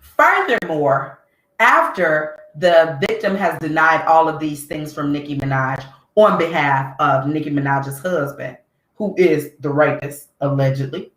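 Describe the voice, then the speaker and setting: A woman hosting a podcast in casual commentary, blunt and animated, repeating her points for emphasis. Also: sits low, echoey room, rough recording. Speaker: podcast host.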